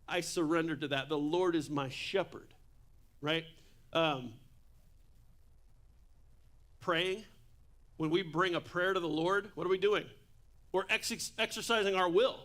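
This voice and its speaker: A man's voice: high voice, a little slow, long pauses, fairly bright tone. A man preaching a sermon at church in a casual, joking way, with asides to the congregation. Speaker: pastor.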